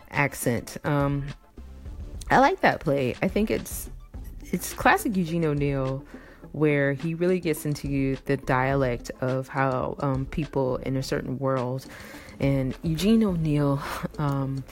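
A woman with a low, gravelly voice who reads plays aloud and then talks them over in a reflective, rambling manner. Faint music can be heard behind her. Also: darkish tone. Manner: reflective, with fillers. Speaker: play reader. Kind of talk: play reading and commentary.

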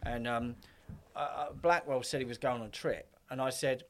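A man's voice: mid-range voice, steady tone, moderate pace. Rambling man in his fifties. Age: 50s. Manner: rambling, swears, acts out quotes. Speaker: podcast guest. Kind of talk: casual chat.

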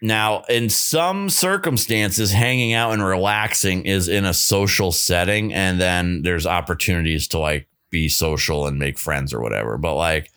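A man co-hosting a podcast in casual chat, halting with many restarts and self-deprecating asides. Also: low voice, a bit bright, clear, resonant tone, dry recording, clean studio sound. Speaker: podcast co-host.

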